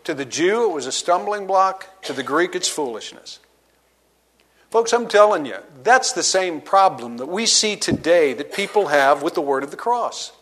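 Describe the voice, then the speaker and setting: Male pastor, high voice, sermon, reads scripture then paraphrases, drops to hushed low tones for emphasis. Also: lively intonation, moderate pace, slightly rough. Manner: expository preaching, reads scripture aloud and paraphrases it conversationally; dynamic delivery, drops low and quiet for emphasis.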